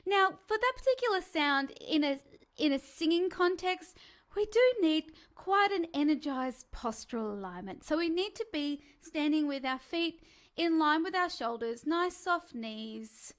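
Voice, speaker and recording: A woman's voice: high-pitched, expressive, measured pace, fairly bright tone. A woman, teaching a live-streamed singing lesson in a chatty, encouraging way and demonstrating vocal sounds. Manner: chatty and encouraging, demonstrates sighs, whimpers and calls. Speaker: singing coach.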